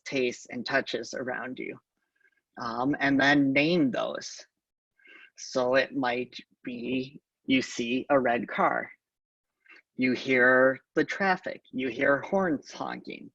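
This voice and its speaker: A man giving a calm conference talk on mindfulness, halting often with ums, recorded from a distance on a dull lo-fi recording. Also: medium pitch, vocal fry, no room sound. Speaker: conference speaker.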